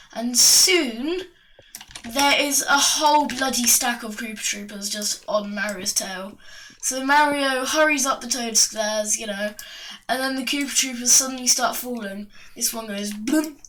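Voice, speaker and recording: A woman's voice: a little high, a bit bright, slight background noise. A woman rambling through an improvised story while drawing, full of fillers and slangy asides. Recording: distant mic with faint clicking.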